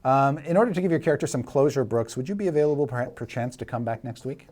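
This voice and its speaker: A middle-aged man runs a tabletop game as its narrator. He paints the action vividly, pausing on fillers and laughing as he goes. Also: medium pitch, animated, a crowd in the background. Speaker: dungeon master.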